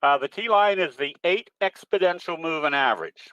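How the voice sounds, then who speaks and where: A man's voice: on the high side, animated, normal speed, bright, forceful tone, no echo, muffled recording. A man presenting at an online trading webinar, answering questions in a folksy, easygoing, rambling way. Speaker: guest presenter, trading educator. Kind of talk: webinar Q&A, explaining.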